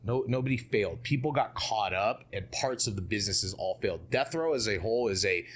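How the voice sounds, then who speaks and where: This is a man speaking as a guest on a podcast interview. He talks casually and with animation, and he drives his points home with rhetorical questions and quick asides. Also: fairly low pitch. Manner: animated, asks rhetorical questions, frequent "you know what I mean".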